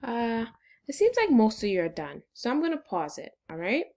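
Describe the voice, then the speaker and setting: A woman's voice: on the high side, huge pitch swings, dark tone. Patient woman teaching second graders. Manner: clear, patient, encouraging, slow dictation of words. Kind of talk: recorded phonics lesson for children.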